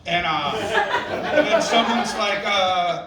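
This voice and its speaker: Brash high-voiced stand-up comic from Detroit. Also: male voice, expressive, normal speed, a loud crowd. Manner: brash, profane and conversational. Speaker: stand-up comedian. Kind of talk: stand-up comedy set. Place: bar gig. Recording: echoey bar from far off. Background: loud audience and bar noise.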